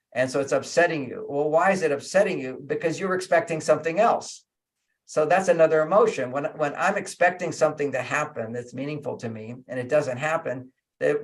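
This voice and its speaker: Older male guest, animated teacher, explains in a chatty way and laughs between his points. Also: on the high side. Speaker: interview guest. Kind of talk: conversational teaching.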